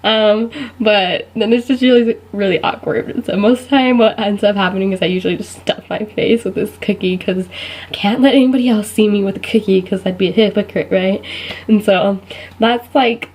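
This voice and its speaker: A young woman, a college student, telling a casual comedic story to camera, giggling and putting on higher voices for the people she quotes. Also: brisk, darkish tone, low-quality recording. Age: young adult.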